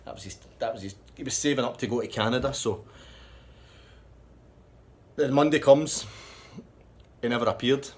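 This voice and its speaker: A man telling a rambling, profane anecdote in a casual, lively way. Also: medium pitch, moderate pace, pauses often. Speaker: storyteller.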